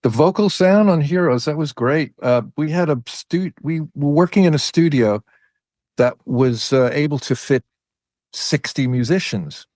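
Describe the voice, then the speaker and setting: A man in his eighties, with a New York accent tinged with British, tells studio stories as an interview guest in a relaxed, anecdotal way, slowing down to stress details. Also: a little high, no room sound. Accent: New York English with a British tinge. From United States. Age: 80s. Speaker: guest, music producer. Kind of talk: conversational interview storytelling.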